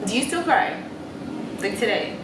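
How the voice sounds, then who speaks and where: A woman's voice: a little high, animated, unhurried, background noise. A young woman chatting casually and emphatically, often calling her friend "girl". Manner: emphatic, says "girl" a lot. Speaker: co-host. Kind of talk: casual chat. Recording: roomy sound with faint music.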